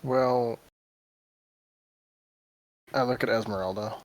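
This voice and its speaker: A man playing a tabletop game, speaking in a low-key, quiet way. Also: fairly even intonation, slow pace, poor audio. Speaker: player.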